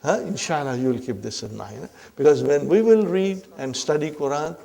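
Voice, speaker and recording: A man's voice: a little high, animated, moderate pace, gravelly, mellow. A man teaching Arabic grammar in a classroom lecture, who often checks in with his listeners and calls them brothers and sisters. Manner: repeats points, checks in often with "huh?" and "are you with me".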